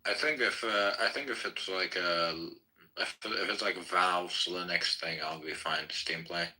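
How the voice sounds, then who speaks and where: A young man trading blunt jokes in a casual group chat. His voice is very low yet bright and forward. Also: unhurried, rough recording. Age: young adult. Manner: blunt, joking.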